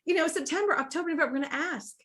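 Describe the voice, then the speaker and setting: A woman guest on a podcast, talking in animated, run-on sentences full of fillers and restarts. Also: extremely high pitch, racing. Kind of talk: casual podcast conversation.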